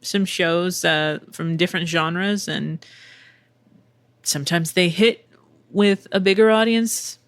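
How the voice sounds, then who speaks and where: Middle-aged lady voice actor chatting solo, lowish voice, super dry close mic, wry and swears a bit. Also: takes it slowly, dry recording. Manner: chatty, candid, swears freely, wry asides. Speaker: podcast host and voice actor. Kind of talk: casual solo podcast chat.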